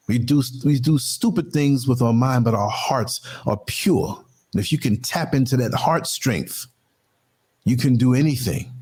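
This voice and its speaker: A man's voice: a little mellow, breathy edge. A man hosting his own podcast, talking through a casual, emphatic monologue. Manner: emphatic, conversational, swings pitch widely for stress. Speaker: podcast host.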